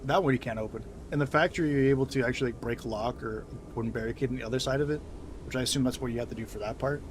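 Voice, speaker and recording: A man at a middle pitch chatting loosely while he plays, trailing off into fillers and restarts as he talks to his viewers. Steady noise sits behind his voice. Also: rapid-fire. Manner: rambling, filler-heavy, talks to chat. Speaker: streamer playing a game. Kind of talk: casual gameplay commentary. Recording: noisy background.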